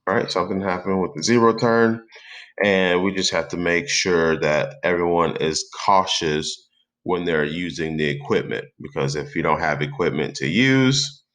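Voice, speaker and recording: A man hosting a software tutorial, calmly talking through each step aloud as he types into a document. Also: low-pitched, moderate pace. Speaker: tutorial host. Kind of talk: screen-recorded software tutorial.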